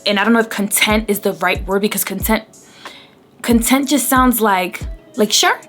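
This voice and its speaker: A woman in her thirties chats to her camera as a beauty vlogger, her talk loose and rambling. Her voice sits at a middle pitch, and she gets moved easily as she speaks. Faint music plays quietly behind her. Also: moderate pace. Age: 30s. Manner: chatty, rambling, easily emotional. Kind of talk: casual chat to camera while doing makeup.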